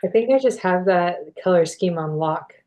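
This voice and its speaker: Chatty woman telling animated stories. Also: on the low side, moderate pace, muffled recording. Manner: chatty, animated anecdotes, laughs. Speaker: co-host. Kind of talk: casual storytelling chat.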